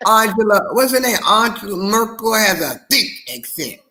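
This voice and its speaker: A woman's voice: medium pitch, moderate pace, pushed and bright. Chatty woman on a video call. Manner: chatty, rambling, laughs easily. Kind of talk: casual chat on a video call.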